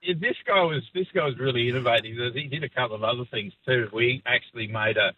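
A man's voice: medium pitch, fast talker, breathy edge, dry recording. A man with an Australian accent calling in to radio, telling a story in a laid-back, plain way. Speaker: caller. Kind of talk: phone-in storytelling. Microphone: telephone. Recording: tinny phone line with hiss.

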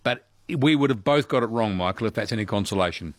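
A man's voice: fairly low pitch, lively intonation, quick pace, no echo, studio quality. A man hosting a radio quiz, chatting casually and laughing easily with callers.

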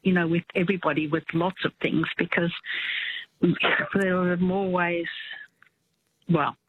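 A woman's voice: lowish voice, steady tone, unhurried, husky. A woman calling in to a radio quiz, chatting in a friendly, hesitant way with many fillers. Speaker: caller. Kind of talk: casual phone chat. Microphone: phone line. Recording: tinny phone line with faint hiss.

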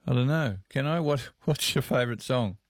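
On talkback radio, an Australian-accented host chats casually and warmly with callers, dropping words like "mate" and "reckon." He speaks at normal speed with a medium pitch, and the studio-quality recording is dry.

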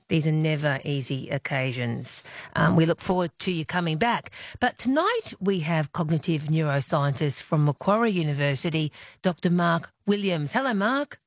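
An Australian woman hosting an evening radio interview, asking questions in a lively, expressive way. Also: low voice, dry recording, clean studio sound. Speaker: radio host. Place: radio studio.

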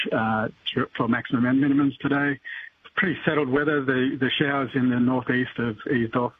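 A man giving a weather forecast on radio, halting with many fillers and restarts. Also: medium pitch, a little hiss or hum. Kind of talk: radio weather briefing by phone. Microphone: phone. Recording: tinny phone line.

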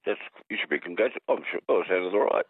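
A man's voice: low-pitched, very fast, slightly rough, no room sound. An Australian man calling in to a radio show, rambling and joking, tripping over his words. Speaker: caller. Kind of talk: rambling talkback phone call. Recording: tinny phone line.

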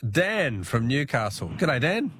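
An Australian man hosting a talkback radio quiz, chatty and quick to laugh with callers. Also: mid-range voice, big pitch swings, fairly bright tone, a little hiss or hum.

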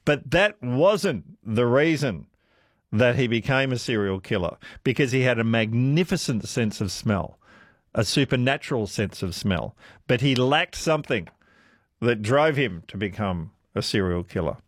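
A man's voice: mid-range voice, a little slow, no room sound, studio quality. A man hosting a late-night talkback radio quiz, chatting with callers in a friendly, jokey way. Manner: friendly, jokey, lively intonation.

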